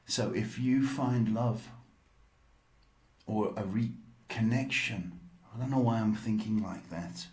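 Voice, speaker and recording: A man's voice: lowish voice, a little mellow. A man hosting a live psychic tarot stream, chatty and teasing, calling listeners babe as he gives readings. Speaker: psychic tarot reader and host. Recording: echoey room.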